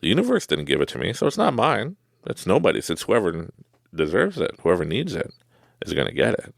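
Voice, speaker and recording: A man with a very deep, gravelly voice rambles through a casual motivational monologue. His pitch swings widely, and he fills his talk with asides and fillers. The sound is dry and close. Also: wildly swooping pitch, fairly quick, dry recording. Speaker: podcast host.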